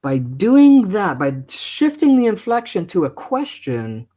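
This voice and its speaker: A man's voice: high-pitched, big pitch swings, unhurried, warm tone. Man demonstrating inflections while teaching. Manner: demonstrates phrasings by shifting his inflection. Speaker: co-host. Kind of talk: instructional conversation.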